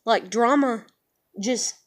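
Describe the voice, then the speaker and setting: A woman with a fairly high-pitched voice talks straight to her camera in a casual vlog. She vents her frustration in a long rant and swears constantly. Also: takes it slowly. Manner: frustrated, heavily profane ranting. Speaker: vlogger. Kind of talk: casual venting monologue to camera.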